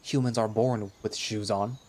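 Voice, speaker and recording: A man reading a visual novel aloud, voicing a large, gruff male husky beast-man who is blunt and insecure and talks in terse, clipped phrases. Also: on the low side, fairly even intonation, unhurried, darkish tone, natural voice.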